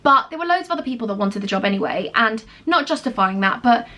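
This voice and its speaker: Young woman, storytime vlogger, emphatic and chatty, slightly high-pitched. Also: lively intonation, quick pace, bright, forceful tone. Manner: chatty, emphatic, gushing, talks straight to viewers. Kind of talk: casual storytime chat to camera.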